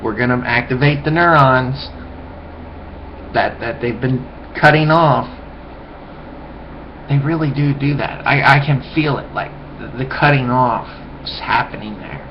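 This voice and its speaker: Over a webcam mic, a man with a medium-pitched voice rambles unhurriedly through a loose, profane monologue, often trailing off into mumbles. The lo-fi webcam audio is dull and has a faint hiss.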